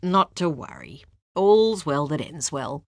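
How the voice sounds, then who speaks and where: A woman voicing an easygoing grown man who speaks slowly and lower. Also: no echo, studio quality, full character voice. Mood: relaxed. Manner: relaxed, drawling, lower. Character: easygoing adult man, local officer.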